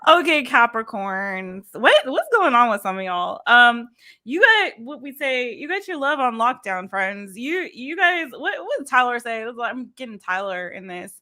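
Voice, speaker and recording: Bright, giggly woman reading tarot. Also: on the high side, very animated, normal speed. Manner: giggly, slangy and playful, lots of "like". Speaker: tarot reader. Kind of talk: casual tarot reading chat.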